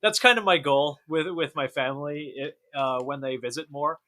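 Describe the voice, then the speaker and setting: A young man chatting as a podcast co-host, tossing in quick agreement and dry jokes. His voice is slightly high and bright, with a sharp edge. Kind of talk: casual chat.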